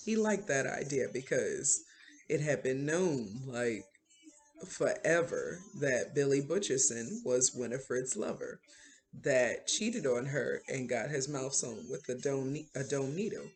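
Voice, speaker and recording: A man's voice: medium pitch, lively intonation, slow. A man casually retelling a film plot, rambling with frequent fillers and restarts. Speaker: channel host.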